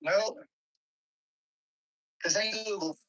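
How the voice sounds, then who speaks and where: A woman's voice: medium pitch, extremely slow, fairly bright tone, recorded from a distance, muffled recording. A woman appearing as a guest on a casual call-in chat, answering in a defensive, matter-of-fact way.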